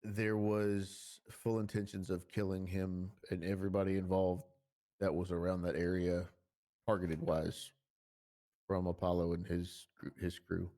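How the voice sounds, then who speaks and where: A man speaking in a role-play stream, halting and earnest, with many fillers. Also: sits low, little pitch movement, mellow. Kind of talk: in-character role-play chat.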